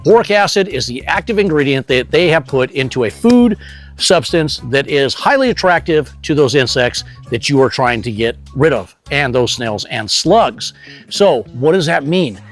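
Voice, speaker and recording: A man hosting a pest control channel, giving an energetic, salesy product demonstration straight to the viewer. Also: a little high, normal speed, faint music behind. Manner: energetic, salesy, direct to camera.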